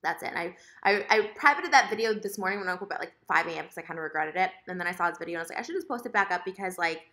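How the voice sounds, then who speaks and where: Woman, vlogger, rambling storytime rant, rapid talk, bright tense voice. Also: on the low side, expressive. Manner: rambling, heavy on filler words, emotional. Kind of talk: casual storytime rant to camera.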